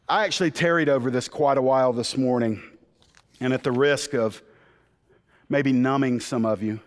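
A man preaching a sermon, animated and storytelling, acting out the people in the story. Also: mid-range voice. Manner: animated storytelling preacher, acts out quoted voices. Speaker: pastor. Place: church sanctuary. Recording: church hall with long reverb.

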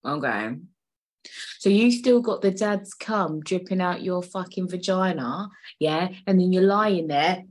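A woman's voice: medium pitch, low-quality recording. A woman hosting a casual solo podcast, digressing, swearing freely and laughing as she talks. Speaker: podcast host.

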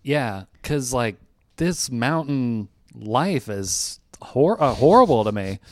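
A man's voice: mid-range voice, expressive, slow pace, no room sound. Joking New York man, dry sound. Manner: joking, laughs often, trails off with fillers. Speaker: comedian podcast host. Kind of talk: casual chat. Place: hotel room. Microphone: remote call with headphones.

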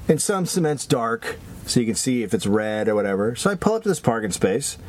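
A man's voice: mid-range voice, fairly quick, slight background noise. Swearing man telling a rambling story. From lives in Los Angeles. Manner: rambling, animated, heavy swearing. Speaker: podcast co-host. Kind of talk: casual profane storytelling.

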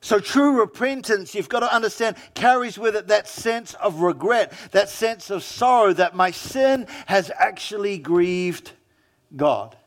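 Male pastor, New Zealand accent, high-pitched voice, casual storytelling sermon. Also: animated, unhurried. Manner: conversational storytelling preaching with quoted asides.

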